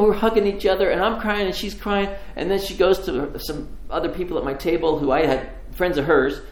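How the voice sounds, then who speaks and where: A man telling a personal story in a sermon with lively, rising storytelling, then leading a slow prayer. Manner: animated storytelling, climbing high in pitch when excited. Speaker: pastor. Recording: echoey room.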